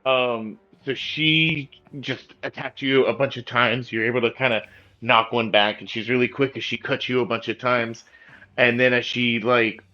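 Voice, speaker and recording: A man's voice: mid-range voice, steady tone, normal speed, bright, forceful tone, lo-fi sound, faint music behind. A man narrating as game master of a tabletop game, with a loose descriptive style full of "like" fillers.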